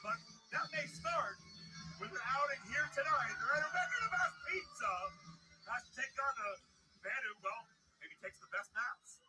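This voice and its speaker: Male wrestling commentator, high voice, jokey, loud music behind. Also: lively intonation, moderate pace, poor audio. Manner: playful, jokey. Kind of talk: play-by-play commentary.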